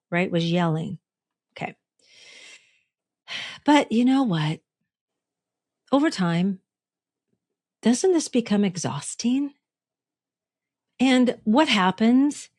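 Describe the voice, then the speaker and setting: A middle-aged woman, a podcast host and coach, speaks at a medium pitch on a reflective solo episode, recorded dry and at studio quality. She keeps it conversational, putting questions to her listeners and laughing at herself.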